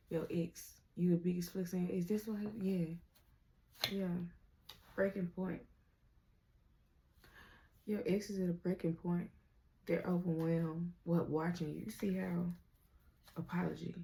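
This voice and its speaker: A woman's voice: lowish voice, flat delivery, unhurried, gravelly, pauses often, mellow. A woman giving a casual tarot reading to her viewers. She uses slang, laughs often and speaks straight to the viewer. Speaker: tarot reader.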